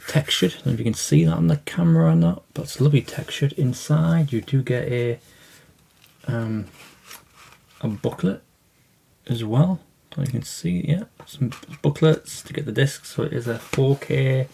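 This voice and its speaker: A man hosts a relaxed unboxing vlog, showing off his latest disc purchases. His voice has a gravelly fry and a dark, mellow tone. He talks in a loose, meandering way, often pausing with fillers and starting his sentences over. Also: medium pitch. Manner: rambling, hesitant, many fillers and restarts. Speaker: collection vlog host.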